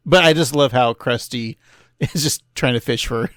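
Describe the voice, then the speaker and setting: A man's voice: mid-range voice, normal speed, fairly bright tone, no room sound, clean studio sound. A man co-hosting a podcast, chatting casually with jokey, laughing asides. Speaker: podcast co-host. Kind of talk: casual chat.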